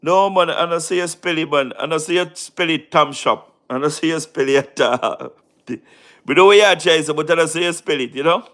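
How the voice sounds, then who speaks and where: A man's voice: fairly high pitch, brisk, few pauses, a bit bright. A man with a Jamaican accent hosting a casual live stream, tired, mixing patois into his talk and repeating his points as he answers viewers by name. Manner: repeats phrases, mixes in patois, talks to chatters by name.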